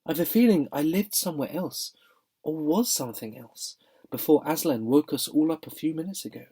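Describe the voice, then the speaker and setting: A man voicing an old cab horse who speaks slowly and thoughtfully, as if half remembering. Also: a little high, mellow, voice pushed up. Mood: dreamy. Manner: slow and thoughtful, halting.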